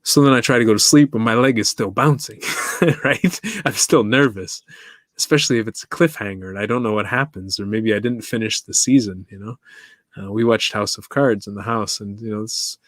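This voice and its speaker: This East African podcast host talks on his own in a loose, musing monologue, laughing frequently and asking his listeners questions. He speaks fairly quickly at a fairly low pitch, and the sound is clean studio audio with no room sound.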